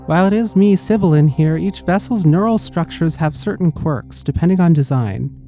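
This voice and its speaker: A man's voice: fairly high pitch, moderate pace, mellow, faint music behind, lightly acted. A man reading as a remorseful young princess. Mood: explaining. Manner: apologetic, pleading. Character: earnest young woman politician, a princess. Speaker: let's play host voicing game characters. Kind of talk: reading game dialogue aloud.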